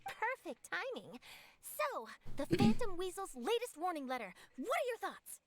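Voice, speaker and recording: A woman's voice: very high-pitched, sing-song, a little slow, a crowd in the background, exaggerated voice. A woman voicing a bubbly, self-assured young female journalist in a game, chatty and dramatic. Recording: game audio with faint music.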